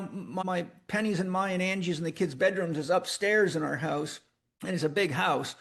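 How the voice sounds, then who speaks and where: A middle-aged man, a spiritual teacher, telling his students a story in a profane, animated way and acting out the shouted lines. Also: sits high.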